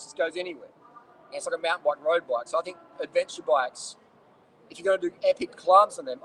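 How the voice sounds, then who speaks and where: A high-voiced man fires off blunt, swearing answers to viewer questions. He rants with plenty of profanity, and faint background noise sits behind him. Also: fairly bright tone, poor audio. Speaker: cycling vlogger.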